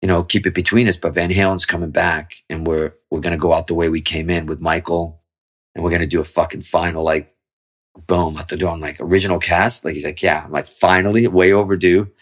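A man's voice: deep voice, fairly even intonation, a little fast. A man, a musician guest in an interview, telling a long story casually with lots of swearing and restarts. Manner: rambling, profane, with frequent restarts.

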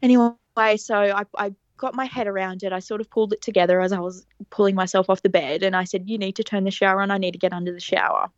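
A young woman, a podcast guest, telling a personal story in a casual, lively way, laughing often and acting out what people said. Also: mid-range voice, quick pace, few pauses, no room sound, lo-fi sound. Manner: animated, laughs often, acts out quoted lines.

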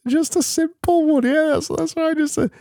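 A squeaky, shrill falsetto rambler, put on by a man, fussing over simple things in a winding, musing way. The voice sits far above a man's normal range and stays close and dry. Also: steady tone, normal speed, creaky, mellow, no room sound. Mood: fussy musing.

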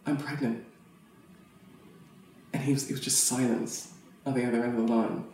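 This actress, a guest on a podcast, has a very deep, mellow voice with a level tone and a fast delivery. She laughs a lot as she frankly and animatedly recounts a personal story in conversation. She's far from the mic in a very echoey room, with slight background noise.

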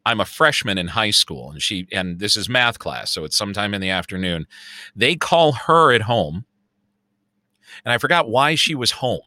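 A man's voice: fairly low pitch, expressive, moderate pace, bright, forceful tone, dry recording, studio quality. A man in his fifties with a Chicago accent, telling a long story in casual podcast chat and swearing freely. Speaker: podcast co-host.

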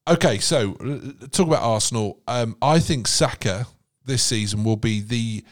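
A man's voice: medium pitch, moderate pace. A man hosting a casual football podcast, joking and asking questions. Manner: jokey, banter-driven, poses questions. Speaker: podcast host.

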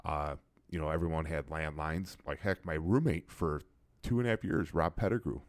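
A man in his forties from the Chicago area, casually reminiscing about his college football days with an old teammate, animated and repeating phrases as he tells stories. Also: very deep voice, normal speed, dry recording. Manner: animated storyteller, repeats phrases, many restarts. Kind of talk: casual chat.

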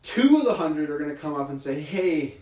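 A man talking in relaxed, joking podcast chat, using "like" all the time. His voice is a little higher than average. He sits back from the mic in an echoey room. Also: quick pace, far from the mic. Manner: chatty, jokey, says "like" a lot. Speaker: podcast co-host. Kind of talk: casual chat.

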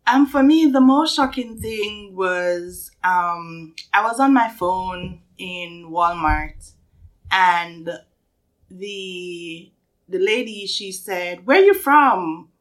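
A woman from Jamaica with a Jamaican accent, telling a story in an animated way during a casual round-table chat. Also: lowish voice, very slow. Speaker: student club member.

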